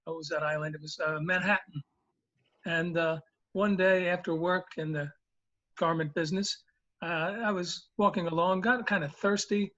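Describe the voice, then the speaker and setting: A man's voice: on the high side, fairly even intonation, normal speed, pushed and bright, highs cut off. A man phoning into a talk show who tells a long joke, putting on comic accents for the characters. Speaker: caller telling jokes. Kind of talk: joke telling.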